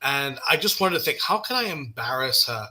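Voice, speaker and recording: A man's voice: mid-range voice, normal speed, low-quality recording. A man telling a funny story in casual chat, laughing as he goes. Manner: animated, laughing while telling stories. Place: live studio conversation.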